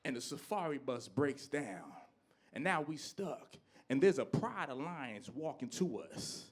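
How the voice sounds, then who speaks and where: A man in his thirties performing a stand-up comedy set on a club stage, ranting with loud outbursts and dropping into low asides. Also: very animated, a little slow. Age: 30s.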